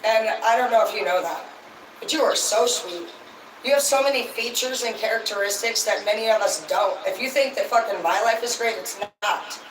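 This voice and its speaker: A woman rambles bluntly through a casual livestream, swearing constantly. Her voice sits far from the mic in a roomy, echoing space. A clear layer of background noise runs underneath. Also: fairly high pitch, moderate pace. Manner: blunt, heavily profane, rambling. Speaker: livestream host. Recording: echoey, distant mic, noisy background.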